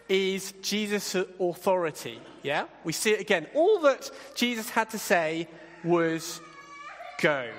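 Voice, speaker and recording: A man leading an interactive Bible talk, playful and directing volunteers with quick asides. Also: high-pitched, fairly bright tone, in a large hall, slight background noise. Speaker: church leader giving a talk.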